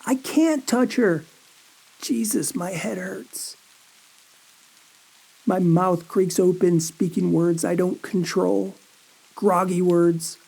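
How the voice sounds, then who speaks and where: A man reads a first-person horror tale aloud at a crawling pace. His tone is dark and mellow, brooding and uneasy as he narrates. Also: sits high.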